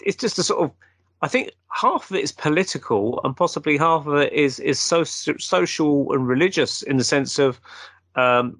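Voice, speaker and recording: A man's voice: medium pitch, fairly bright tone, dry recording. A man hosting a paranormal show, telling long, rambling anecdotes in casual conversation.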